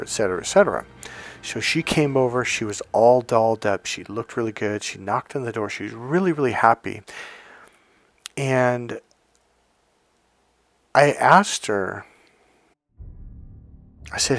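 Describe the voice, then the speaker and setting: Animated storytelling man coach. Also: mid-range voice, moderate pace, pauses often, no echo. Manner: animated storytelling, acts out both sides of a quarrel. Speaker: relationship coach. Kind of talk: casual monologue.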